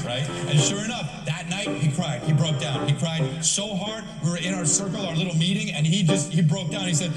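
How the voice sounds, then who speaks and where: A man's voice: high voice, a little fast, few pauses. A man doing a stand-up routine, telling a profane story animatedly and acting out voices. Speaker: stand-up comedian. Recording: echoey theater from far off with loud music.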